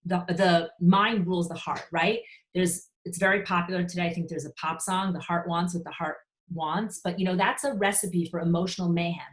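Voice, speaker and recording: A woman's voice: fairly low pitch, fairly even intonation, brisk. A woman giving parenting advice in a frank, conversational online talk, acting out short parent and child exchanges. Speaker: parenting speaker.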